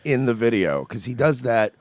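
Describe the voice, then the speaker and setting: A man's voice: mid-range voice, very animated, moderate pace, a little mellow, dry recording. A man hosting a casual podcast, talking animatedly, swearing freely, and slipping into mocking voices. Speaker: podcast host.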